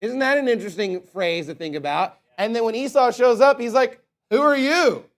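A man delivers an impassioned sermon in a high, bright voice. He reads scripture in King James wording and swings between loud, emphatic peaks and quiet, low asides. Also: moderate pace. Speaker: preacher.

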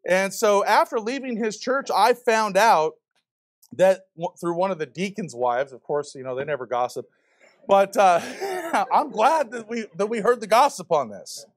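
A man's voice: high-pitched, sing-song, moderate pace. A man preaching a fiery sermon to a church congregation, firing rhetorical questions at the pews. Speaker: visiting preacher.

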